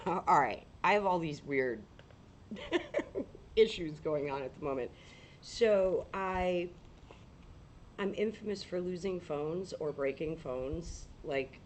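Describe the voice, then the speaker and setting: Hoarse gravelly-voiced woman livestreaming. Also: on the low side, a little hiss or hum. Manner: chatty, rambling, laughs often. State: hoarse, losing her voice. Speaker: paranormal livestream host. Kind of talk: casual livestream chat. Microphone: laptop mic.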